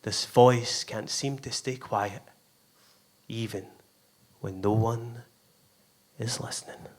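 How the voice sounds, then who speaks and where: A man's voice: medium pitch, fairly even intonation, takes it slowly, noisy background. Scottish man performing spoken word. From Scotland. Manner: rhythmic, emphatic delivery with playful voice shifts. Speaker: performance poet. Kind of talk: live spoken word poetry. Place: live venue with an audience.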